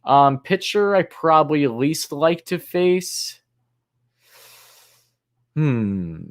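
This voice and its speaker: A man's voice: on the high side, sing-song, very slow. A man hosting a live fan stream, calling plays in an announcer-like way between casual, hesitant answers to chat. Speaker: livestream host and fan commentator.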